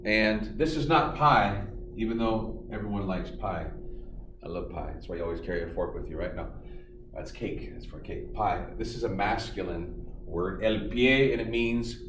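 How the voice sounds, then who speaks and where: A man teaching a beginner Spanish lesson remotely, playful and jokey, repeating words slowly for his students. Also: on the low side, background noise. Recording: echoey room, from far off, faint music.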